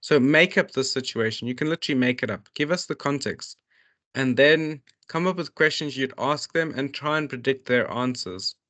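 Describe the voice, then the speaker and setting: A man with a medium-pitched, fairly bright voice speaks at a normal speed while tutoring. He reads out questions from a workbook and explains every one for his students, full of restarts and filler words.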